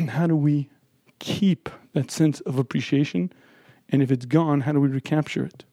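Earnest man clearing his throat often. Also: a little high, mellow, no room sound. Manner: earnest, emphatic teaching. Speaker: religious lecturer. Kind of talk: Torah lecture.

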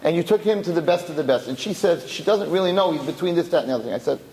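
A man speaking as a rabbi, telling a story in a lively way and acting out the people in it. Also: fairly high pitch, racing. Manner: animated, acts out the dialogue of the story. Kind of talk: storytelling talk. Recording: echoey hall.

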